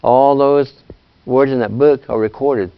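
A man's voice: medium pitch, steady tone, a little slow, gravelly, smooth. An older man teaching a casual language lesson, patient and plain-spoken, often checking in with "you see". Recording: dull lo-fi sound.

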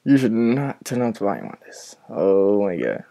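At home at night, with the lights on in his room, a man plays a horror game with a friend and swears nervously into his headset. His voice is fairly low, creaky, and warm, very animated at a moderate pace. It's casual gaming commentary.

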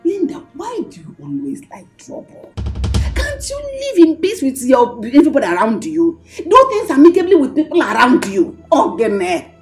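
Nollywood: scolding Nigerian mother-in-law, high and very sing-song. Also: huge pitch swings, normal speed, echoey room, soft background music. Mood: reproachful. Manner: reproachful. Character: older mother-in-law, scolding yet evasive. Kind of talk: Nollywood film acting.

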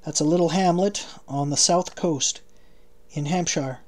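A man's voice: on the high side, measured pace, natural voice. Man voicing a cool, understated English officer. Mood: plain. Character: reserved young English officer prisoner.

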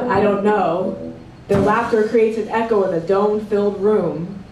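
Woman reading poetry in an echoey hall. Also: medium pitch. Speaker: poet reading her work. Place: event hall at a book party. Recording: echoey room from far off. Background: live music playing.

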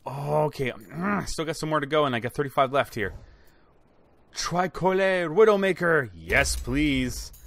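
A man giving excited, chatty commentary while opening game loot boxes, exclaiming loudly at good items and talking to his viewers. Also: on the high side, unhurried, creaky. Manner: chatty, addresses viewers as guys. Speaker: gaming YouTuber.

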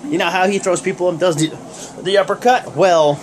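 A man's voice: high-pitched, steady tone, normal speed. A young man hosting a wrestling review vlog, recapping casually in a rambling, joking way with lots of fillers. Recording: noisy background hum.

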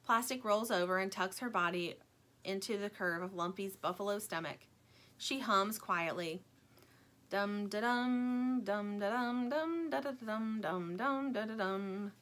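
A woman reading a children's storybook aloud in a gentle storytelling manner. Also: mid-range voice, normal speed. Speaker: storybook reader.

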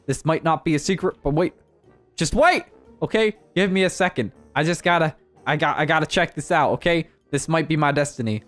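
A young man giving playful, jokey gameplay commentary as a YouTuber, breaking into high excited yelps. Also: fairly quick, soft background music. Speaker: gaming YouTuber.

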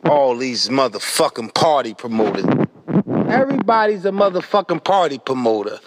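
A man delivering a profane, exasperated comedic rant that swings into yelling. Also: mid-range voice, normal speed, heavy background noise. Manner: animated, exasperated, swearing constantly, breaks into yelling. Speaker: comedic rapper doing an outro skit.

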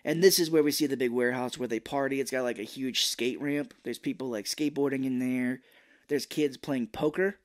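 A man co-hosting a podcast, casually recapping a movie scene by scene and dropping into quick silly character voices. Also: medium pitch, fairly even intonation. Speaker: podcast co-host.

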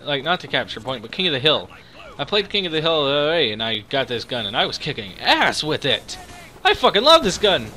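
A young man hosting his own channel, giving excitable, profanity-laden live commentary while playing a game. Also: a little high, fairly quick, a little hiss or hum. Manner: excitable, swears a lot, reacts loudly. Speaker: gaming channel host.

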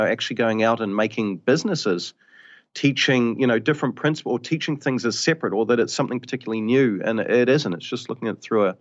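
A man's voice: mid-range voice, muffled recording. A man from New Zealand, a karate instructor, talking casually in a podcast interview and often saying "you know". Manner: thoughtful, rambling, frequent "you know".

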